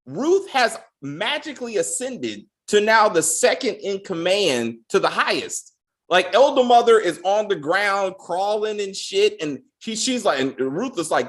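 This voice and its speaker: A man hosting a casual spoiler review of a TV episode, ranting in a profane, exasperated way. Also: sits high. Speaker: TV show reviewer.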